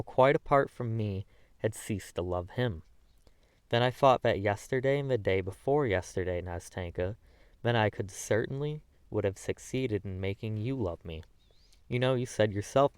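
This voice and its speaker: A man's voice: fairly low pitch, smooth, dry recording. A man narrating a classic novel as an audiobook, earnest and emotive with small stumbles.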